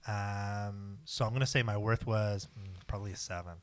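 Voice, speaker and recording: A man's voice: fairly low pitch, steady tone, moderate pace, smooth. A man co-hosting a casual podcast, talking in a rambling, hesitant way with lots of ums. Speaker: podcast co-host. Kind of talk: casual chat.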